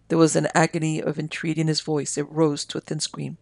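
An audiobook narrator reading a story in a measured, dramatic way. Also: mid-range voice, little pitch movement, creaky, dry recording. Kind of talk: scripted narration.

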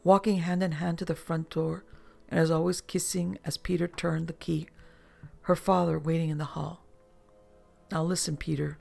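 A narrator reading a literary story in a measured, restrained way. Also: mid-range voice, flat delivery, creaky, mellow, faint music behind.

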